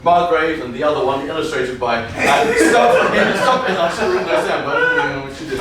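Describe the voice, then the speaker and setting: A man telling an improvised comic story on stage, energetic and often laughing as he riffs on audience prompts. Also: on the high side, fast talker, hardly any pauses. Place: comedy venue stage. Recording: echoey room from far off, faint noise.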